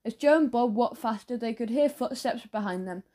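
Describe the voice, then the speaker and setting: A woman narrating a children's audiobook in a playful, expressive storytelling manner. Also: on the high side, moderate pace.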